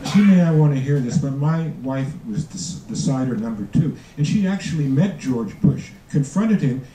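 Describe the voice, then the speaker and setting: A man in his seventies performing a stand-up comedy routine with dry, self-deprecating jokes and a halting delivery full of restarts, to a live audience. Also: medium pitch, expressive, dark tone. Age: 70s. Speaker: student comedian. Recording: echoey room from far off, noisy. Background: audience laughter and room noise.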